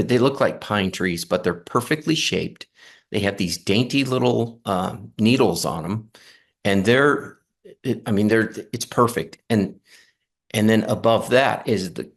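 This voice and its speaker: A middle-aged man telling his story in an earnest, halting way, with many fillers and restarts. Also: fairly low pitch. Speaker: near-death experience guest. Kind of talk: casual storytelling.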